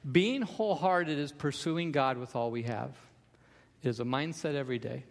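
A man's voice: medium pitch, moderate pace, creaky, big-room sound. A man preaching a sermon as pastor, emphatic, with repeated refrains.

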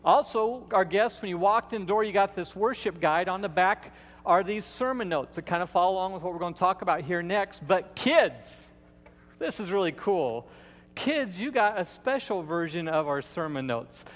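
A man's voice: high voice, expressive, normal speed. A man who is the lead pastor, giving a sermon in a church with folksy, playful storytelling. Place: church sanctuary. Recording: long hall reverb.

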